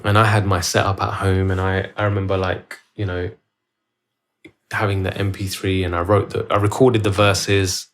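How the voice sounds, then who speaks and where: A man's voice: deep voice, flat delivery, normal speed, fairly bright tone, slight background noise. A man hosting his own podcast, telling a story in a rambling, loose way with many restarts. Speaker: podcast host. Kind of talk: casual solo podcast storytelling. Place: at home, filming himself.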